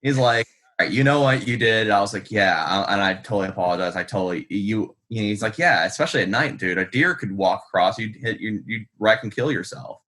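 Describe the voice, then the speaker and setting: A man's voice: lowish voice, lively intonation, fast talker, few pauses, pushed and bright. A man, a guest author telling stories in a rambling, profane, self-deprecating way full of ums. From United States. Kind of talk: casual storytelling in an interview.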